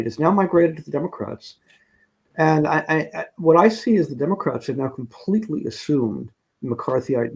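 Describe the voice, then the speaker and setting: A man appearing as a guest on a radio talk show, giving measured, critical political analysis. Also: medium pitch, creaky, darkish tone, breathy edge. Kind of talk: political commentary in conversation.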